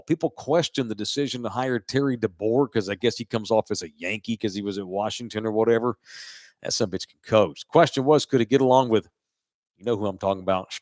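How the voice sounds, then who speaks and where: A man's voice: mid-range voice, darkish tone, no room sound, studio quality. A man hosting a college football postgame podcast, blunt and opinionated, swearing freely in casual chat. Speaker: sports podcast host.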